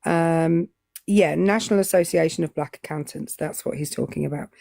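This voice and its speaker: A woman's voice: deep voice, normal speed, vocal fry, dark tone, dry recording, studio quality. A woman with a Southern English accent co-hosting a live stream, chatting casually and rambling with many ums and uhs. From England. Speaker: co-host.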